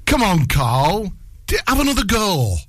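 A man's voice: sits high, big pitch swings, measured pace, no room sound. A man co-hosting a radio food show in casual, jokey chat, often laughing. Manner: chatty, jokey, laughs a lot. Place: radio studio.

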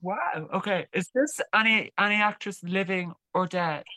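A woman's voice: medium pitch, bright, forceful tone, no room sound, low-quality recording. A woman musician being interviewed, chatting casually and repeating words as she tells a story. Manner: halting, repeats words while telling a story. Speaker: guest musician.

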